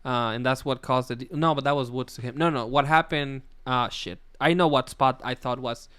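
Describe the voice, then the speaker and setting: A man's voice: mid-range voice, fairly even intonation, normal speed, a bit bright, smooth, dry recording. A man with a Midwestern American accent co-hosting a casual wrestling podcast, laid-back and rambling, swearing and laughing often. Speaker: podcast co-host.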